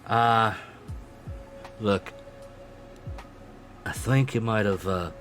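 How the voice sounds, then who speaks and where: A man's voice: on the low side, drawn-out words, a bit bright, faint music behind. A man putting on a mock British accent to play a polite police officer.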